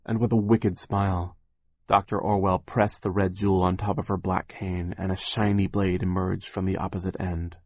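Low-voiced guy reading a storybook, wry and dry, close dead mic. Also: little pitch movement, normal speed, darkish tone, no room sound. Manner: dry, wry storyteller who explains words. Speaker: narrator. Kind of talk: scripted audiobook narration.

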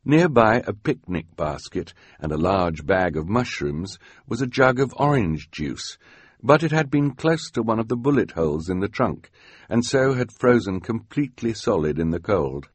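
A man's voice: on the low side, very animated, moderate pace, breathy edge, no room sound. A man reading an audiobook in a dry, wry storytelling manner. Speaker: audiobook narrator. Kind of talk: scripted narration. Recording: dry studio voice-over.

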